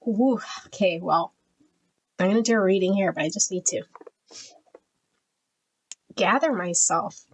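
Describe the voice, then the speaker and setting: Her mid-range voice moves at a measured pace with long pauses, over a rough recording with slight background noise. A middle-aged woman, she reads tarot, flipping through the deck and gushing emotionally over each card.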